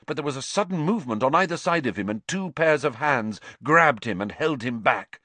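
A man reading a story aloud with dramatic, expressive narration. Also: medium pitch, a little fast, dry recording. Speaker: audiobook narrator. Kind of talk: scripted narration.

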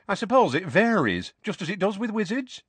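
Casting: male reader voicing a perky young witch, high and bubbly, audiobook, husky edge. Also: a little fast, no room sound, heavily acted. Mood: curious. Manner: chatty, lively, high-pitched. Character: young female witch, cheerful and nosy.

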